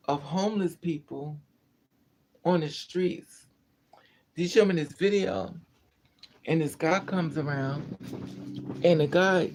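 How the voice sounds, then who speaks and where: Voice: mid-range voice, slight background noise. A livestreamer in casual chat with viewers, telling stories bluntly and with lots of swearing, sounding tired and trailing off at times. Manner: profane, blunt storytelling.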